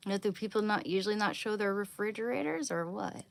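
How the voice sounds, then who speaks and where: A woman livestreaming from her kitchen at home, cooing and whispering softly to her dog and chatting loosely with viewers. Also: mid-range voice, a little fast, no room sound. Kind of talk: casual livestream chat. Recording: clear steady background noise.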